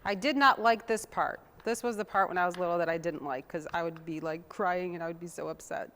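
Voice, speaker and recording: A woman's voice: lowish voice, a little fast, fairly bright tone. A woman hosting a casual cooking demonstration, chatting to viewers in a homey way while she chops and mixes, sometimes drifting away from the mic. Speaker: cooking show host.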